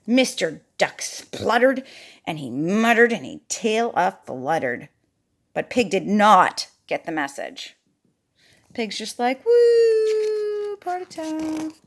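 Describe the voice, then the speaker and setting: A woman's voice: medium pitch, big pitch swings, slow pace, a bit bright. Playful woman reading a picture book aloud. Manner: playful, chatty asides with the listening child. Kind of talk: storybook read-aloud to a child.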